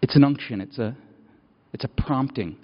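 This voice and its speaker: A man's voice: mid-range voice, moderate pace. A man giving a sermon as personal storytelling, talking conversationally and repeating phrases as his intensity builds. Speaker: preacher. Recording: dull, reverberant hall sound.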